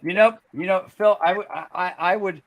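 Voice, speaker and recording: A man chats on a casual livestream, teasing his friends and laughing often. His voice sits slightly high. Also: brisk, gravelly, fairly bright tone, no echo. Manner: laughing, good-humoured ribbing.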